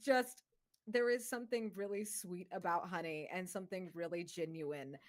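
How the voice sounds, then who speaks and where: A woman player in a tabletop game, gushing and rambling fast with many fillers in a casual post-game chat. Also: on the low side, background noise.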